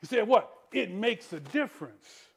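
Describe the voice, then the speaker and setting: A male pastor preaching a sermon in church, calling out to the congregation and swinging between hushed tender asides and shouted refrains. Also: high-pitched, very animated, normal speed, creaky, slightly rough. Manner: preaching with call-and-response, rising to shouts; drops to soft tender voice for quoted lines.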